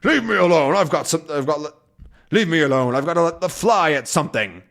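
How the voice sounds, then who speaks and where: A man voicing a gruff, hot-tempered sea captain who blusters and curses in outbursts, in a comic-book reading. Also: medium pitch, big pitch swings, takes it slowly, bright, forceful tone, heavily acted. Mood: furious.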